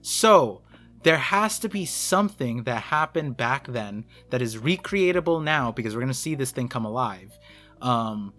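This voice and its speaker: A man's voice: mid-range voice, lively intonation, moderate pace, a bit bright, soft background music. A man talking as a guest in a casual chat, explaining in a rambling way with lots of fillers. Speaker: guest co-host.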